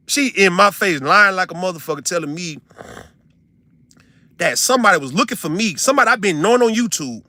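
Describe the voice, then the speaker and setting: A young man, ranting to his stream audience in a heated, profane, incredulous way, swinging from loud outbursts to low mutters. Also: dry recording. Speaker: livestreamer venting to his audience. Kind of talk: heated casual rant.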